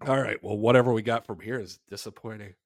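A man's voice: fairly low pitch, fairly even intonation, fast. A man co-hosting a film podcast in casual chat, joking and laughing, in an echoey room. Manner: joking, laughing, hesitant fillers. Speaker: podcast co-host. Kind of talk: casual chat, reading reviews aloud.

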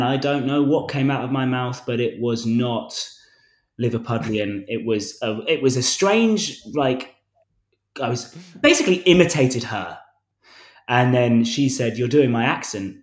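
A man's voice: mid-range voice, slow. This is a man in his twenties, an actor guest chatting loosely on a podcast. He rambles, restarts his sentences and laughs at himself. His mid-range voice carries a noticeable roomy echo. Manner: self-deprecating storyteller, frequent restarts and laughs. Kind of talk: casual interview chat.

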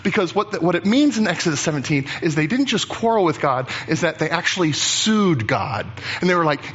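A man preaching a sermon as pastor, animated and chatty, acting out the voices of Bible figures. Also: fairly high pitch, fairly quick, few pauses, slightly rough, muffled recording.

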